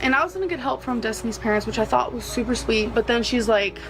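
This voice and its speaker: A woman's voice: a little high, animated, fast talker, poor audio. A woman talking casually to her viewers in a vlog, chatty and rambling with many fillers. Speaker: vlogger.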